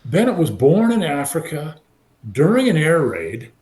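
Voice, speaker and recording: A man in his sixties from California, a former football player telling his story in an animated way and acting out the people he quotes. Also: on the high side, measured pace. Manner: animated, acts out quoted voices. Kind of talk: casual storytelling interview. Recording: roomy echo.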